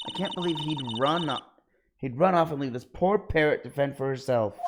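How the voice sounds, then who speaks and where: A man's voice: fairly high pitch, a little fast, noisy background. A man streaming a video game, reading its dialogue aloud with casual joking asides. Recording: game music behind the voice.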